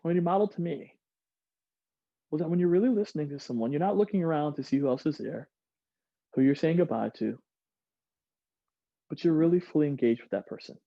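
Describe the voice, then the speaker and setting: A man giving an energetic online workshop, reading out audience replies and laughing often. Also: fairly high pitch, fairly quick, vocal fry, pauses often, no room sound, dull audio. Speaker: workshop speaker. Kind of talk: interactive online workshop talk. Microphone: video call.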